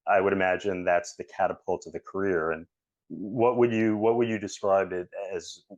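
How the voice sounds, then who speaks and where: A man's voice: sits low, fairly even intonation, moderate pace, darkish tone, no echo, highs cut off. A man hosting an interview, asking questions with many restarts and open enthusiasm for his guest. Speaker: interview host.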